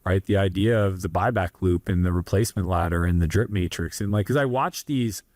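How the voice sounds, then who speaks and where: A man's voice: low-pitched, fairly quick, a little mellow, no room sound, studio quality. Earnest Canadian man telling his story. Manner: earnest, rambling, restarts and asides. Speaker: guest entrepreneur. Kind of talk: candid interview storytelling.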